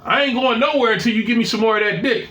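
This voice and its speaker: Man voicing a jealous, threatening ex-girlfriend; higher, demanding, echoey room. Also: fast talker, fairly bright tone, recorded from a distance, natural voice. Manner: aggressive, threatening.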